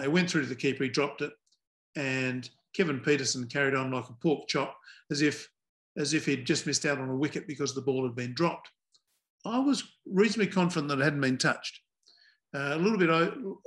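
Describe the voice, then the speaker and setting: An older man, a retired umpire, telling anecdotes as a podcast guest with dry humor and a relaxed manner. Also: mid-range voice.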